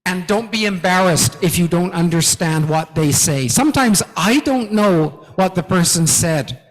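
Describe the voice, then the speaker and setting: A man giving a guest lecture to academics, teaching slowly and emphatically and often checking in with "okay?". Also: sits high, expressive. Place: large lecture hall. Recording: long hall reverb.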